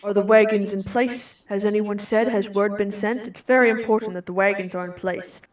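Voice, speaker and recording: A woman's voice: medium pitch, steady tone, moderate pace, natural voice. An anxious, commanding lord, spoken by a woman game master, presses again and again with urgent questions. The voice comes from a distance in an echoing room. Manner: insistent, repeating urgent questions. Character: anxious commanding male lord giving orders. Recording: roomy, distant mic.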